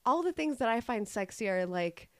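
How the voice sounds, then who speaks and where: A woman talking in a halting way, full of fillers, in casual podcast chat. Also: fairly high pitch, sing-song, clean tone, no room sound, studio quality.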